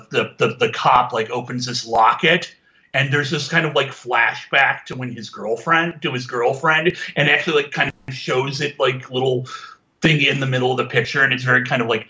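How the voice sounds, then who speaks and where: A man casually reviewing an old TV show, rambling with many fillers and restarts, getting animated when he complains. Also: mid-range voice, normal speed, dull audio. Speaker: podcast reviewer.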